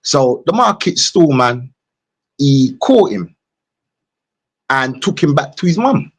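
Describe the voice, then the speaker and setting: A husky-voiced man with a London accent rants on a live stream. His pitch swings widely, and he repeats his jabs over and over in a mocking way. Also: slow. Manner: mocking, repetitive, animated. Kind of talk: casual live-stream rant.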